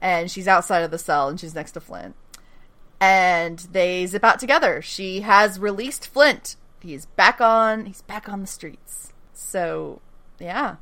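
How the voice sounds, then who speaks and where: A woman's voice: lowish voice, slow pace, fairly bright tone. A woman co-hosting a casual rewatch podcast, chatty, swearing freely and laughing often as she recaps scenes. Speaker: podcast co-host recapping episodes.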